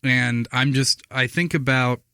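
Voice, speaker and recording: A man's voice: medium pitch, steady tone, measured pace, bright, forceful tone, clear, resonant tone, no room sound, studio quality. A man co-hosting a podcast in casual chat, rambling as he explains, with many restarts. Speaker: podcast co-host.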